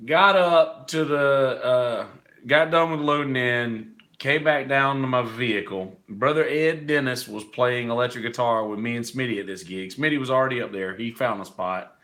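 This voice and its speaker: A man's voice: medium pitch, moderate pace, sharp tone. A man hosting his own podcast, telling rambling stories in a candid, profane, casual way. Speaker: podcast host; working musician. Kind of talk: casual monologue.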